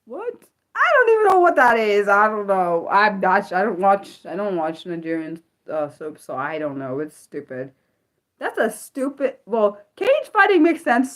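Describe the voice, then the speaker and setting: Excitable woman streamer with a lively voice. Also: mid-range voice, moderate pace. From United States. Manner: excitable, restarts sentences, blurts exclamations and mild curses. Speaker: livestream host. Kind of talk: unscripted livestream chat reading viewer comments.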